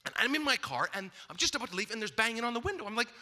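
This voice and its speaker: A man acting as master of ceremonies, telling a comic story to a live audience in a breathless, excitable way with frequent asides. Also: very high voice, rapid-fire. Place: large gala event hall. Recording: reverberant live hall.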